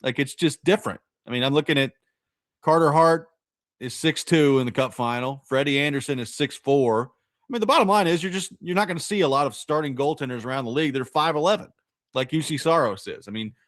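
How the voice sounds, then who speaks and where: A man's voice: a little high, a little fast, a bit bright, dry recording. Man co-hosting sports talk, dry sound. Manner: thinking aloud, stacked restarts, argumentative. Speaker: sports radio co-host.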